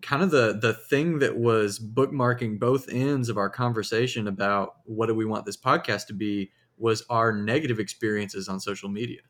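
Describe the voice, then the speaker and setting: A man's voice: on the low side, steady tone, moderate pace, hardly any pauses, fairly bright tone. A young man with a Southern US accent hosting a podcast in casual, jokey, rambling chat. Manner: rambling, jokey, restarts sentences. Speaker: podcast host.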